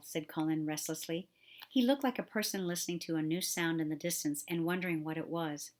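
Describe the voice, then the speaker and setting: A woman reading a children's novel aloud in a gentle, expressive storytelling manner. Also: low voice, a little fast. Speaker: children's book reader.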